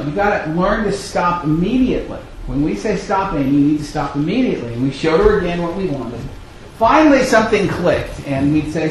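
A middle-aged man preaching a sermon, his voice sitting a little high. He tells stories with animation and acts out the lines of the people in them. The recording carries a strong echo with faint ambience behind him. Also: a little hiss or hum. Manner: animated storytelling, acting out family dialogue. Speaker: pastor. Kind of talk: sermon storytelling.

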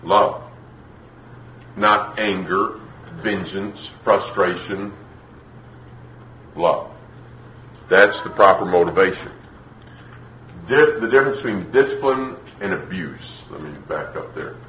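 A man preaching a sermon, emphatic, acting out parents and children in quick put-on voices. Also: low voice, fairly bright tone, echoey room, slight background noise, rough recording.

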